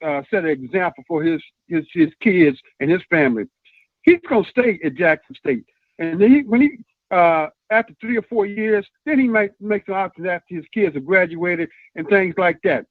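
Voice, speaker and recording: A man calls in with an earnest, halting argument, pausing often on "uh". His voice sits fairly high for a man. It comes through a thin, tinny phone line with a dry sound. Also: animated, dry recording. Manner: earnest, halting, many "uh" pauses. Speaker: caller. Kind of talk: earnest call-in commentary.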